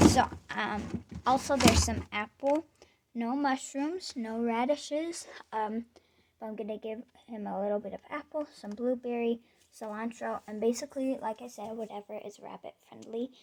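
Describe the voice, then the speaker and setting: Young woman rambling in a home pet vlog, lots of ums and likes, kinda high voice. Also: a little mellow. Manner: chatty, rambling with fillers. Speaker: pet vlogger. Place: home, indoors.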